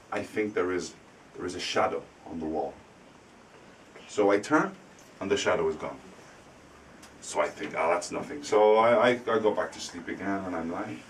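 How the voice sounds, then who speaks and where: A man telling a spooky story live to a classroom of language students, dramatic and dropping to a hush for suspense. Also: lowish voice. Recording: distant mic, faint room noise.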